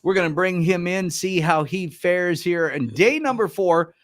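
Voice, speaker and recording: A man's voice: high-pitched, normal speed. A man hosting a radio newlywed quiz, reading questions and teasing the contestant playfully. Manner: playful, quizzing and joking. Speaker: radio show host. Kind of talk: radio game show hosting.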